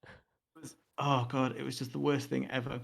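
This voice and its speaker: A man's voice: mid-range voice, moderate pace, creaky. Man telling a rambling story. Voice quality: animated, mocking voices in quotes. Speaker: podcast co-host. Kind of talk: casual storytelling chat.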